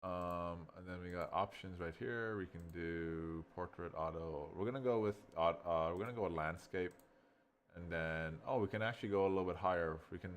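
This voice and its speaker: A man casually reviewing AI video software, rambling and excitable, swearing and saying bro. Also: deep voice, fairly quick, a little hiss or hum. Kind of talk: casual screen-recording review.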